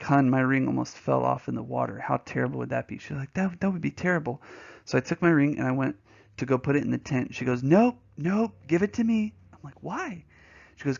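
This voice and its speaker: A man teaching a poetry lesson, telling a story in an animated way and acting out voices and sounds along the way. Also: medium pitch, vocal fry, highs cut off.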